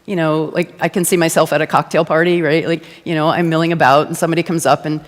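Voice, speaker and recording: A woman's voice: low-pitched, flat delivery, quick pace, big-room sound. A woman giving a conversational, playful sermon to a congregation and asking them to answer back. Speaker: guest speaker at a church service. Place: church sanctuary before a congregation.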